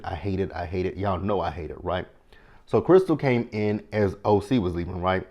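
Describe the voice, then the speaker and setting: With a deep voice and a moderate pace, a man hosts a casual TV episode recap. He's chatty and animated, speaking right to the people watching.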